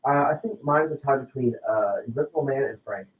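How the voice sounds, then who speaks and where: A man's voice: mid-range voice, quick pace. A man chatting casually, rambling and full of fillers as he tells stories. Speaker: podcast guest. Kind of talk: casual chat. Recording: tinny, roomy sound from far off.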